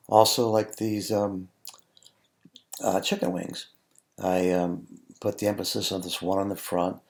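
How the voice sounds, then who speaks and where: Low gravelly man explaining photos. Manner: relaxed, halting, many ums and restarts. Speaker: food photographer. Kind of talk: casual tutorial narration over photos.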